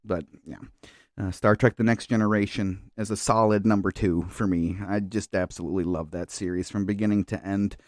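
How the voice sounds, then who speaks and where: A man with a fairly low voice, co-hosting a casual podcast and rambling through his picks with plenty of ums and false starts. The sound is dry and close, with no room around it. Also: fairly even intonation, fairly quick, dry recording. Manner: rambling, many fillers and restarts. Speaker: podcast co-host. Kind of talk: casual chat.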